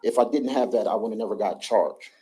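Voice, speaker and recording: A man reading his prepared statement in court, halting, with restarts. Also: lowish voice, warm tone, low-quality recording.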